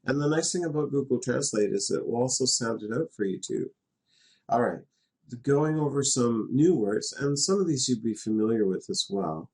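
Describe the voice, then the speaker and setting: A man's voice: medium pitch, expressive, normal speed, darkish tone. A middle-aged man from western Canada teaching a class, patient and chatty, laughing now and then as he explains. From Canada, West Coast. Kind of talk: classroom lesson in a virtual world.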